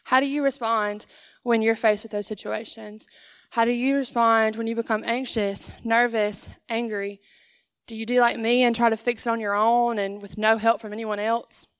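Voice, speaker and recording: Young woman preaching casually in church, chatty, acts out back and forth with god, smooth clear voice, dry sound. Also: on the high side, level tone, normal speed, no echo. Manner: conversational, acts out dialogue with God. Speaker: guest speaker. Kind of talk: sermon. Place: church sanctuary.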